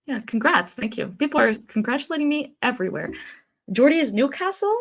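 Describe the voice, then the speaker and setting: A woman's voice: sits high, sing-song, a little fast, creaky. Chatty streamer woman with a blocked nose. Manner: chatty, reads chat aloud, laughs often, frequent ums and likes. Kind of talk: casual live-stream chat.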